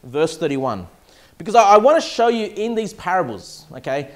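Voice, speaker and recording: A man's voice: sits high, big pitch swings, moderate pace. A male pastor preaching a sermon, emphatic and often checking in with "okay?" and "all right?".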